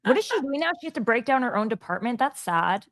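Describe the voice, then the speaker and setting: A woman hosting a casual political chat, blunt and sarcastic with quick asides. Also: a little high, very animated. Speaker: podcast host.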